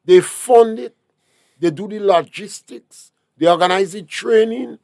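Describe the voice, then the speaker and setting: High-voiced Grenadian man lecturing. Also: a little slow, vocal fry, darkish tone, dry recording, studio quality. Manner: lecturing, emphatic, rhetorical questions. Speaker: guest. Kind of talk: political talk show discussion.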